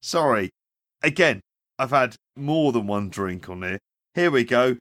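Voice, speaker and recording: A man's voice: medium pitch, expressive, unhurried, fairly bright tone, no room sound. A tipsy man co-hosting a casual chat, swearing and laughing through his banter. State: drunk. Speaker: podcast co-host.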